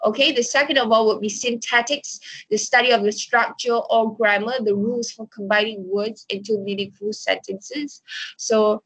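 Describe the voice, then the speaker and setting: A woman's voice: a little high, steady tone, normal speed, a bit bright, slightly rough, no echo, rough recording. A woman lecturer explaining course ideas through examples, often starting with "okay, so" and restarting her sentences. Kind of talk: online university lecture.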